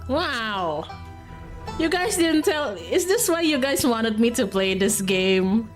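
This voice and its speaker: A woman's voice: fairly high pitch, sing-song, slow, soft background music. A young woman streaming a game, chatting casually and rambling, often laughing. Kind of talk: casual live-stream chat while gaming.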